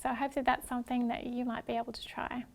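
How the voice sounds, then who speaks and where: A woman presenting a workshop talk in a gentle, hesitant way, with many ums and restarts. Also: fairly high pitch, flat delivery, fast talker, vocal fry. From Australia.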